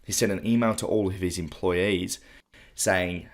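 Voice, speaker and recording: A man with a very low voice co-hosting a podcast. He explains things in a steady, chatty manner, often dropping in "you know.". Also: measured pace. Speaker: podcast co-host. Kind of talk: casual chat.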